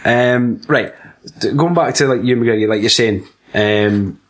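A man's voice: mid-range voice, measured pace. A man with a Scottish accent, chatting casually and swearing while reviewing a film with a friend. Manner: sweary, laughing, does silly quoted voices. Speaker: podcast co-host.

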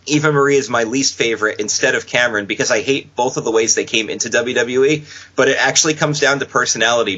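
A man hosting a casual podcast, chatting and joking with quick asides. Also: mid-range voice, pushed and bright, husky. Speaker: podcast host. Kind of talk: casual wrestling podcast chat. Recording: dull lo-fi podcast audio.

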